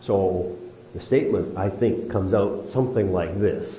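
A man teaching a Bible study, lively and animated, leaning on slow emphatic stretches. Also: low voice. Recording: roomy, dull lo-fi sound with faint noise.

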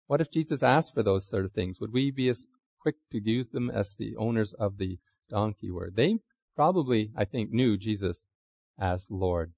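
A man's voice: lowish voice, lively intonation, normal speed, vocal fry, a little mellow, no echo. A man preaching a sermon, chatty and conversational, asking the listeners questions and acting out quotes. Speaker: pastor.

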